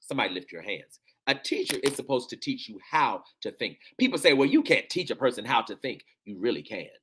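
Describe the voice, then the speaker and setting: A man's voice: medium pitch, big pitch swings, a little fast, bright, forceful tone, slightly rough. Fervent man preaching to teachers. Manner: emotional, call-and-response, repeats phrases. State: near tears at times. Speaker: speaker addressing teachers.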